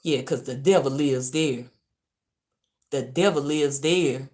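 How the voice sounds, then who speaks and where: Brief: Louisiana woman, spiritual reader venting on a live stream, deep, slow, cussing, drops to mutters then flares up. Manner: profane, venting, swings from muttering to loud. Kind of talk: ranting livestream. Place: hotel room.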